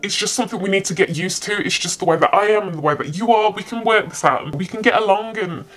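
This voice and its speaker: A pushy young boyfriend, as a woman puts him on while telling a story, voice pitched mid-range for a woman's. He coaxes and pleads and gets short and fed up when he doesn't get his way. It's a light, barely changed impression in a chatty vlog retelling. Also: fast talker, fairly bright tone, lightly acted. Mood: pleading.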